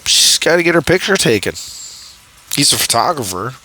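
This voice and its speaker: A man's voice: a little high, big pitch swings, moderate pace, bright, forceful tone, poor audio. A young man casually reviewing a show, rambling with many fillers and restarts and laughing often. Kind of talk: casual commentary.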